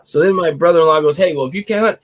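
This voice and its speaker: A man telling a wild story in casual chat, animated and profane, getting excited as he tells it. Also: a little high, very fast.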